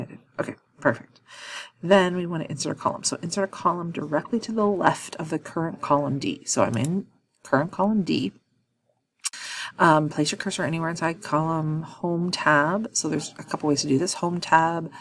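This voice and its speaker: Woman, low voice, slight vocal fry, screen-recorded tutorial, thinking aloud, frequent ums, self-corrections. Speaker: instructor.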